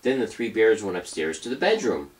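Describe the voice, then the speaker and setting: A father reading a children's story aloud to his baby at home, gentle and playful. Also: on the low side, big pitch swings, fairly quick.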